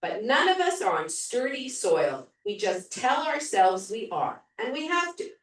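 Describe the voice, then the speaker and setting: A middle-aged woman muses slowly and earnestly, searching for her words, as a woman reads her lines aloud. The voice rings through a very echoey room, caught from a distance. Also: a little high, big pitch swings, voice pushed up.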